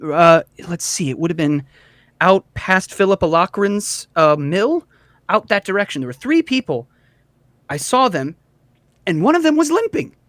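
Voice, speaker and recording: A man's voice: high voice, big pitch swings, moderate pace, fairly bright tone, dry recording, studio quality, voice pushed up. A man voicing a nervous townswoman in a tabletop game, stammering and fretful. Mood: earnest. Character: flustered nervous woman townsfolk.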